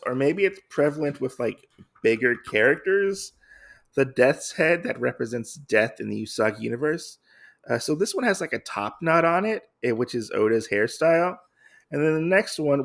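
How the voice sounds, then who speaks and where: A man's voice: medium pitch, gravelly, a bit bright. A man hosting a podcast, casually recapping a comic in a rambling, filler-heavy way. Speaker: podcast host.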